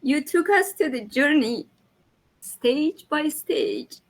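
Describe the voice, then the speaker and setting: A woman's voice: high voice, lively intonation, poor audio. A woman hosting an online meeting, effusive in her praise for the speakers. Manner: warm and effusive with praise, slow. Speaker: host.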